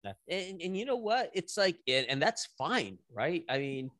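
A man hosting a casual conversation, animated, with frequent restarts and repeated words as he talks through ideas. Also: a little high, normal speed, dry recording, clean studio sound.

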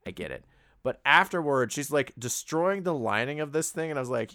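A man talks through a film in a relaxed podcast chat, animated as he retells scenes. His voice is smooth and resonant, close and dry with no room sound. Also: mid-range voice, fairly quick, dry recording. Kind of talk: casual movie review chat.

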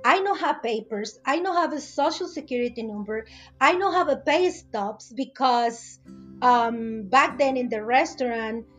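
A middle-aged woman with a Spanish accent, lively and talkative, telling a personal story in an interview. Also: a little high, unhurried, faint music behind.

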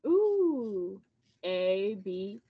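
Female podcast co-host, slow unhurried delivery, playful, slightly dull recording. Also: mid-range voice, very animated, a little hiss or hum. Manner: playful, easygoing. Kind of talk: casual chat. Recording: slightly muffled podcast audio.

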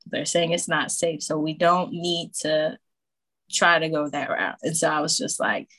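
A woman guest on a podcast casually telling a personal story, animated, acting out what others said and laughing often. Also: low-pitched, unhurried. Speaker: podcast guest, new mother.

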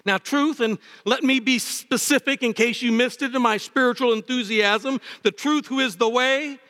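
A man preaching a sermon as pastor, with impassioned delivery that swings between fervent highs and low, emphatic lines. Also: normal speed, bright, forceful tone. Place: church sanctuary. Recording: long reverb of a church hall. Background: hall reverb.

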